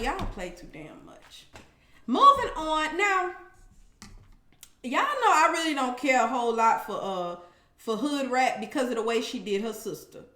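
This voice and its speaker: A woman's voice: high-pitched, bright, forceful tone. A woman giving a blunt, sassy, casual recap of a reality show, swearing and talking straight to her viewers. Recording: roomy echo.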